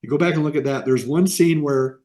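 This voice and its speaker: A man's voice: fairly high pitch, a little fast, dark tone. A middle-aged man from the American Midwest, telling rambling anecdotes in a casual interview over a video call. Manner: rambling anecdotes with quoted voices. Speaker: interview guest, animation artist.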